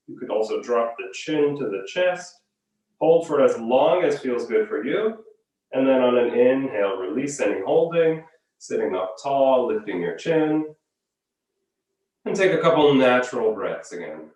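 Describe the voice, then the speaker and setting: Calm yoga teacher in an echoey room. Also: male voice, mid-range voice, distant mic. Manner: calm, unhurried step-by-step cues. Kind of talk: guided breathing instruction.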